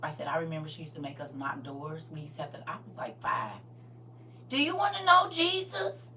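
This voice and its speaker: Emotional woman preaching live on her phone, bright voice, bit far from the mic w/ faint hum, goes loud then whispery. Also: low-pitched, fast talker. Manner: animated, preachy, switches between loud exclaiming and soft near-whispers. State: emotional, near tears. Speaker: online minister and livestream host. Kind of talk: casual livestream preaching.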